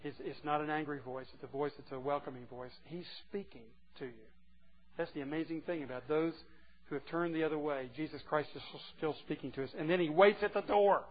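A man preaching a sermon to a group of men, earnest and moving between hushed and emphatic delivery. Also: fairly high pitch, a little fast, a little hiss or hum. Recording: muffled lo-fi recording.

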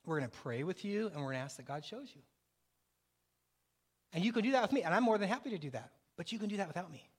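A pastor preaching a sermon, with emphatic repeated phrases and a delivery that swells and drops. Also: male voice, high-pitched, very animated, quick pace, pauses often, slightly rough. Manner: preaching with rising and falling intensity, repetitive emphatic phrasing.

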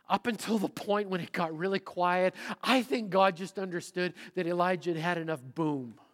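Pastor man preaching in a reverberant church. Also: high voice. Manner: dynamic, swinging from loud emphasis to near-whisper. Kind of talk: sermon. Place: church sanctuary. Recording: long hall reverb.

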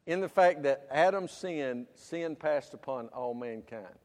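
Pastor in his fifties, high voice, punchy sermon delivery, reverberant hall. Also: animated, unhurried. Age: 50s. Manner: preaching with sudden loud emphatic bursts and dropped asides.

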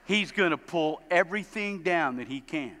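A high, bright-voiced man preaches a sermon from a church sanctuary, his voice ringing with a long hall reverb. He is animated and tells stories, slipping into the voices of the people he describes. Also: moderate pace. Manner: animated, acts out quoted parents in high voices. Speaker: pastor.

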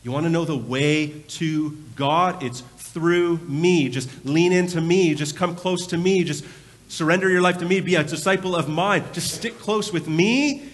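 Man, pastor, casual storytelling sermon, somewhat high voice, long church reverb. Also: a little slow. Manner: conversational storytelling preacher. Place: large church with balcony.

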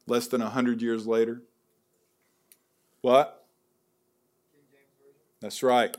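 A man preaching a sermon at a camp service, questioning the audience and swinging from fervent peaks to quiet pleading, audibly emotional. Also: mid-range voice, level tone, very slow.

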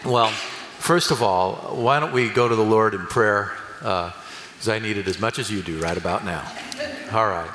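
A man's voice: lowish voice, normal speed, a bit bright, slight background noise. An older man giving a folksy sermon with jokes and call-and-response with the congregation. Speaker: preacher. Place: church hall. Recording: echoey hall from a distance.

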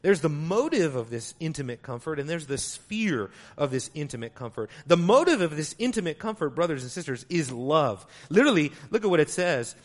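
A man preaching a sermon, teaching from the Greek text, moving between quiet asides and loud, stressed words. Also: on the high side, big pitch swings, brisk, few pauses. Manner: teaching, explains Greek wording.

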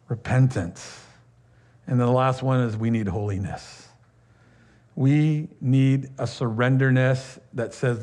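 A man preaching a sermon as pastor, talking conversationally with laughs, fillers and quick asides. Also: mid-range voice, dark tone.

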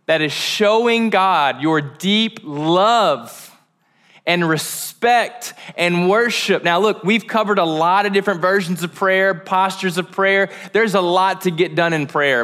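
A man with a lilt preaches to his church in a relaxed, joking way, like he's chatting with friends. His voice is bright and a touch high. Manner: casual, joking, conversational preaching. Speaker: pastor. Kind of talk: sermon. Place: church sanctuary.

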